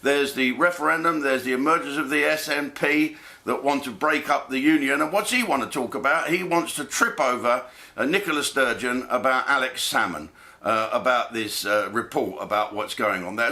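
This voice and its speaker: A comedian in his sixties talks straight to camera in a blokey, swearing monologue. His voice is bright and forceful, sitting at an everyday pitch for a man. He jumps from joke to joke with casual asides. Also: moderate pace. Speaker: comedian host.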